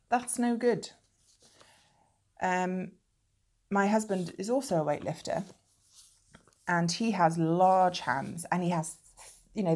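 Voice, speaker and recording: A woman's voice: on the low side, a little mellow. A woman hosting a knitting podcast, chatting casually and showing her knitting to the camera, with chatty digressions.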